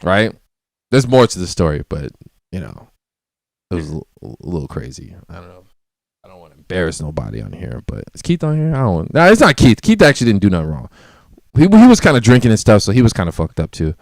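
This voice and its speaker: Lively man telling a wild story. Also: low voice, fast talker, dry recording, studio quality. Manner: animated, acts out quotes, laughs often. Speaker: guest. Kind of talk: casual storytelling.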